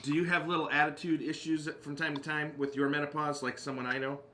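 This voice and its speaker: A man's voice: on the high side, flat delivery, fast talker, bright, forceful tone, a little hiss or hum. A man in his fifties from Michigan, co-hosting and teasing with jokes and laughter. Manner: joking, teasing, laughs often. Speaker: co-host. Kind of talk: casual chat.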